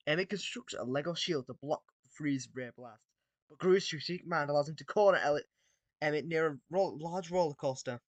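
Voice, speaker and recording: A man's voice: a little high, a little fast, dry recording. A man reading AI-written battle text aloud, casually reacting, swearing and joking between lines. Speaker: video creator.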